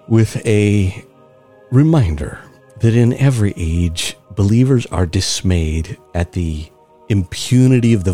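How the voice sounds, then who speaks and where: A man hosting a scripture reading, reading in a measured, solemn way with rising emphasis and leading listeners in prayer. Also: lowish voice, mellow. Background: faint music.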